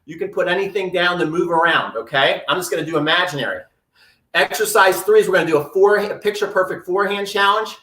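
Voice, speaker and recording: Upbeat male tennis coach, high voice, live home workout, distant mic in an echoey room. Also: quick pace, sharp tone. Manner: upbeat, coaching while exercising. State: breathing heavily at times.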